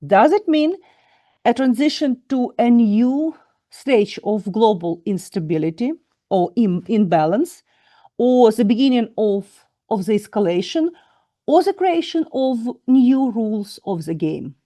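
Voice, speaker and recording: Slow, mellow-voiced woman interviewer. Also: on the high side, animated, dry recording. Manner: slow, careful questioning with restarts. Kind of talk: broadcast interview.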